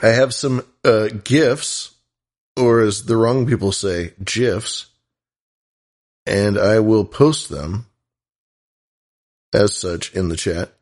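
A man's voice: fairly low pitch, takes it slowly, a little mellow. A man from the US West Coast hosting a podcast, chatting casually in a rambling, playful way with many restarts. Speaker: podcast host. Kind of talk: casual chat.

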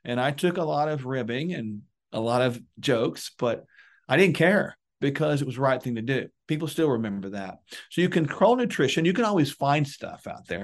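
A man giving emphatic coaching advice in a conversational interview, with lively, punchy bursts. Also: mid-range voice. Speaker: police wellness guest.

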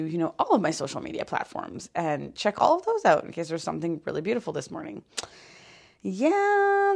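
A woman's voice: on the low side, vocal fry. A young woman hosting a solo podcast, just woken up and yawning, talking in a rambling, self-deprecating way with many fillers and sudden drops to a whisper. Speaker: podcast host. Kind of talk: casual solo podcast monologue.

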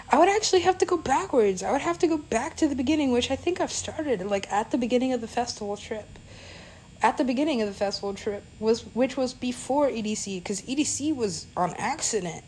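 A woman's voice: a little high, a little mellow, a little hiss or hum, poor audio. A woman DJ telling a story in a casual, rambling way, full of fillers and swearing.

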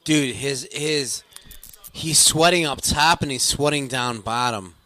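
A man co-hosting a podcast, giving casual, profane commentary over a wrestling show, exasperated and ranting, dropping to mutters and then jumping to shouts. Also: medium pitch, slow. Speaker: podcast co-host.

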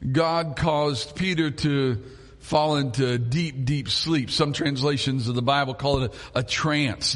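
A man preaching a sermon as a pastor, telling the story in an animated way and chuckling often. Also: fairly high pitch. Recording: long hall reverb.

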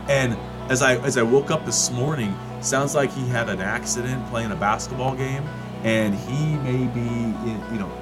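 Profane ranting male podcast host. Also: medium pitch. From United States. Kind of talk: casual political commentary.

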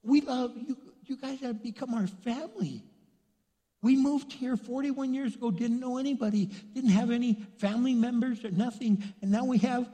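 High-pitched middle-aged pastor guy from texas preaching, goes from hushed to shouting, big echoey church hall. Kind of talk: sermon. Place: large packed church.

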